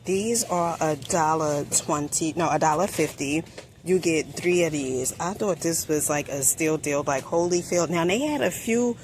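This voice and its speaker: A woman from New Jersey chatting through a store haul vlog, sassy and quick with asides, calling viewers honey. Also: low-pitched, darkish tone, slight background noise. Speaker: shopping haul vlogger. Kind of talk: casual product review vlog. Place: inside a store.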